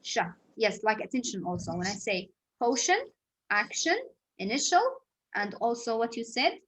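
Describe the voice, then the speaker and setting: A woman's voice: fairly high pitch, big pitch swings, normal speed, a bit bright, a little hiss or hum, rough recording. Patient woman teaching English sounds. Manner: patient, repetitive explaining with examples. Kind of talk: phonics lesson.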